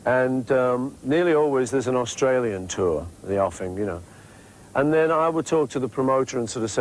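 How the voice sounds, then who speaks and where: A man's voice: mid-range voice, expressive, brisk, low-quality recording. A man in his fifties with a Liverpool accent talks through an interview at an easy, rambling clip, tossing in playful asides. A faint hiss sits under the voice. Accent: Liverpool English. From England. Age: 50s. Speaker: interviewee, musician. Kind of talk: relaxed interview chat.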